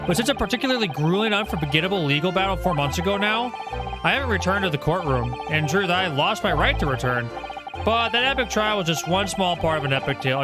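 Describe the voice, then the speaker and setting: Guy reading as an earnest young lawyer, plain and a bit higher, game music going. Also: lightly acted. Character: earnest young male law student narrating.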